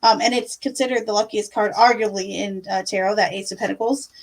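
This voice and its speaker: A young woman does casual tarot readings on a livestream, chatting away with lots of fillers and calling viewers "love" and "my dear." Her medium-pitched voice is creaky and flat, fairly quick, and the audio quality is poor.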